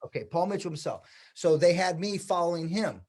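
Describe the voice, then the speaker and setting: A man in his sixties, a hairdressing educator, telling stories in a casual interview and acting out the quoted dialogue with lively energy. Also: high-pitched, brisk. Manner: animated, acts out quoted dialogue.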